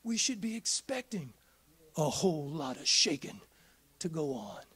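A man preaching a midweek sermon in a church, swinging from hushed whispers up to shouts. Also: a little high, sing-song, measured pace, breathy edge. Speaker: pastor.

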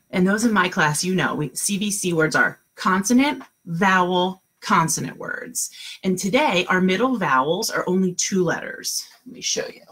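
A woman kindergarten teacher leads an online phonics lesson. Her voice swoops up and down in a lively sing-song, unhurried and a little breathy. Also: medium pitch. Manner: slow, sing-song teacher voice with drawn-out sounds and praise.

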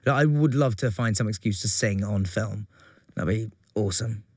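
A man's voice: lowish voice, moderate pace, no room sound, clean studio sound. An English man, an actor, chatting in an interview with frequent laughs and restarts. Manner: rambling, self-interrupting, laughs often. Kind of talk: casual interview chat.

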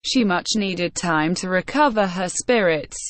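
A woman's voice: on the low side, animated, a little slow, no echo. Woman reader doing an earnest young guy, eager, pleading, storybook feel. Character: earnest young male miner, devoted lover.

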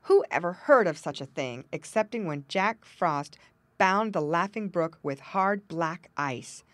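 A woman narrating a children's storybook with a lowish voice and lively, expressive storytelling emphasis. Her pitch rises and falls a lot. The recording is close and dry, with no room sound. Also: unhurried, no room sound. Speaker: audiobook narrator.

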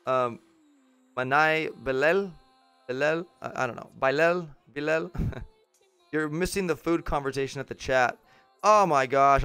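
A man's voice: medium pitch, a bit bright, smooth. A man casually commenting on his game while livestreaming, chatting with viewers and chuckling often. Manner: chatty, chuckling, talks to chat. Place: home setup with green screen.

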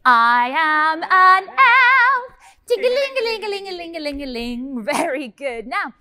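A bubbly young fairy-tale heroine, played by a woman, leads children through a pantomime vocal warm-up. Her high voice swoops up and down with lively, giggly, sing-song energy. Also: moderate pace. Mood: cheerful. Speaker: pantomime performer teaching children. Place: indoor hall.

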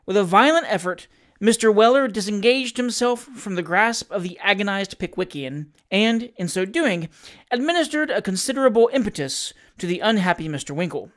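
Narrator, classic novel audiobook, measured, expressive. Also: medium pitch.

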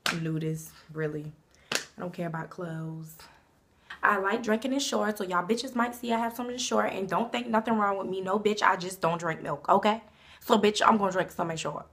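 A young woman in her twenties from Savannah, Georgia, talking brashly and profanely about herself to camera, breaking into loud bursts. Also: fairly low pitch. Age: 20s. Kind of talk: casual self-introduction to camera.

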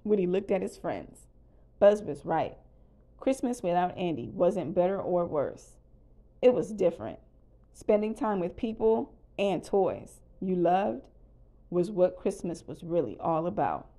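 A woman reading a children's storybook aloud in a calm, even way. Her voice is on the lower side and has a warm, mellow tone. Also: a little slow. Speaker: storybook reader. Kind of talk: children's read-aloud narration.

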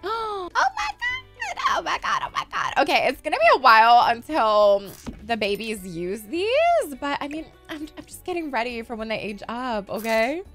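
A young woman gushes over a life-simulation game in casual stream commentary, her high, bright voice leaping up and down as she swears without a second thought. Soft game music plays quietly underneath. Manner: gushing, excitable, swears freely. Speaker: gaming streamer. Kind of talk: casual let's-play commentary.

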